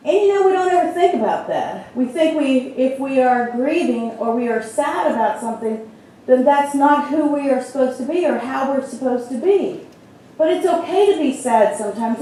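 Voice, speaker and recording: A middle-aged woman minister preaches in a chatty, storytelling way, her voice a little high and mellow. She is heard from a distance in a very echoey church hall with a faint hum behind her. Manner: conversational, storytelling with frequent fillers. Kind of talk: sermon. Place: church sanctuary.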